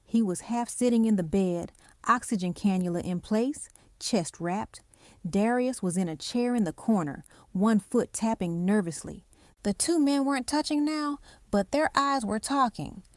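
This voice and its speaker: A woman's voice: medium pitch, unhurried, a little mellow, dry recording. A woman narrating a hospital drama story, voicing each character's lines herself.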